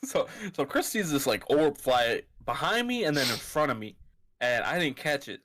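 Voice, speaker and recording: A man's voice: a little high, normal speed. A man co-hosting a podcast, telling stories with lots of laughter in casual chat. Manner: laughing, expressive storyteller. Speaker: podcast co-host.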